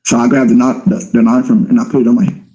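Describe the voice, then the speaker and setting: A man with a dark, mellow voice rattles off his story at a quick clip. He talks bluntly and profanely in casual street speech, as a guest in an interview. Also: mid-range voice, little pitch movement, low-quality recording.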